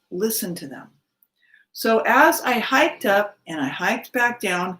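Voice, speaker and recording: A woman's voice: mid-range voice, fairly bright tone, reverberant. A woman in her fifties telling a personal story in a casual monologue, acting out the voices of the people in it. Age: 50s. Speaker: spiritual vlogger.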